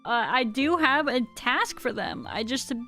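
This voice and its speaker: A woman's voice: sits high, lively intonation, a little slow, bright, forceful tone, faint music behind. A woman in her thirties streaming a game, chatting casually and rambling as she answers her chat, with a slightly sick voice.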